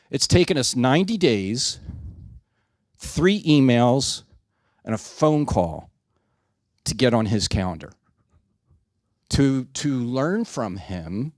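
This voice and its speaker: A man's voice: medium pitch, no echo, clean studio sound. A man giving a conversational training presentation to a group, frank and self-deprecating, often asking the audience for agreement.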